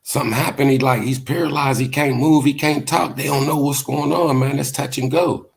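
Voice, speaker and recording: A frightened friend blurts out that someone is in the hospital, his voice jumping high and tight with worry and stumbling over repeats, as a man acts him out in a story. He sounds stunned and helpless. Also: fairly even intonation, brisk, vocal fry, breathy edge. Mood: alarmed. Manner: urgent, shaken, repeating himself. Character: panicked male friend giving bad news.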